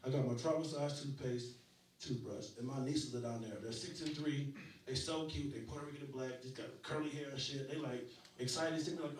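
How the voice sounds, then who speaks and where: A man in his forties works a small club with a profane stand-up set, slipping into voices for the people in his stories. His voice sits fairly high. The sound is very echoey and picked up from a distance, with the audience laughing throughout. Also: fairly quick, a little mellow, a faint crowd, a little hiss or hum. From Rochester, New York. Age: 40s. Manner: profane storytelling with acted-out quotes. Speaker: stand-up comedian.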